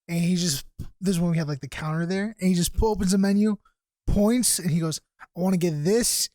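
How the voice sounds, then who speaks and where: A man's voice: sits high, a little fast. A young man co-hosts a casual podcast, telling a story with lots of swearing. He acts out the people in it as he goes. The sound is close and dry, with no room echo. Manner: profane, animated, acts out quoted people. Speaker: podcast co-host.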